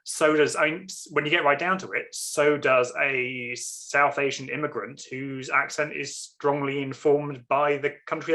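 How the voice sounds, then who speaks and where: An Englishman with a near-RP accent talks with a bright, forceful edge. He rambles through his thoughts, restarts his sentences and drops in apologetic asides, like a guest in a casual conversation. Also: mid-range voice. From England. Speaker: author guest.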